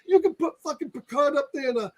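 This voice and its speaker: Rambling man co-host with a high voice, casual chat. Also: fast, a bit bright. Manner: rambling, hesitant, fillers. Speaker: podcast co-host.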